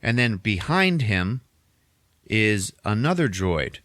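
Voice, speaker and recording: Cussing guy recapping a movie on his podcast, kinda low voice, dead dry mic. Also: slow, no echo. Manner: profane, animated storytelling. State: a bit tipsy. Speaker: podcast host. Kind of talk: casual movie recap chat.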